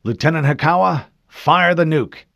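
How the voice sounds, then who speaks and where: A man voicing a stern male starship commander who gives clipped, loud orders in a raised voice. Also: fairly high pitch, moderate pace, vocal fry, no room sound, highs cut off, pitched above the performer's own voice. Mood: commanding.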